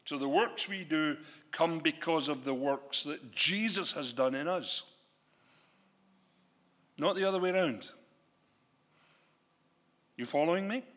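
A man preaching a sermon, animated and conversational, asking his listeners questions. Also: fairly high pitch, unhurried, long pauses. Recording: long hall reverb.

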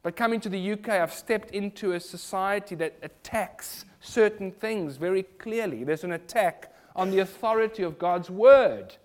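A man with a South African accent preaching a sermon in an animated, rhetorical way. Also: high voice, normal speed, few pauses. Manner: animated, rhetorical, mimics other voices in quotes.

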